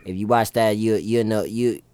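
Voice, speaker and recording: A man's voice: fairly low pitch, steady tone, normal speed, a little mellow, clear, resonant tone, no echo. A man on a podcast, recommending something emphatically and repeating himself with "bro". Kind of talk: casual recommendation chat.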